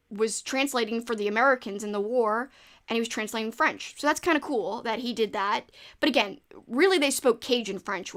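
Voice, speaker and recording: Woman, New Orleans accent, livestream host, casual rambling chat, fairly high pitch. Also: a bit bright. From New Orleans, Louisiana. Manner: chatty, rambling, quick asides. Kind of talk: casual livestream chat reading viewer comments.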